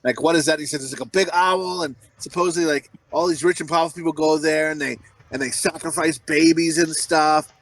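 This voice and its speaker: A man's voice: a little high, steady tone, a little fast, no room sound, low-quality recording. A man co-hosting a podcast, riffing in casual chat with crude joking banter. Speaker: podcast co-host.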